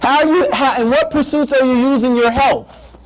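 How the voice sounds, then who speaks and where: A middle-aged man, an imam, giving a playful, animated faith-based lecture to a live audience, often repeating words as he builds a point. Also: extremely high pitch, normal speed, rough recording.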